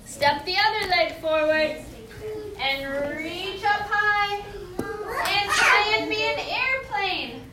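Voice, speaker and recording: A young woman with a very high, expressive voice leads a children's yoga class as a story, speaking slowly in a coaxing, sing-song way. She's a kids' yoga teacher, heard from a distance in an echoey room with some background noise.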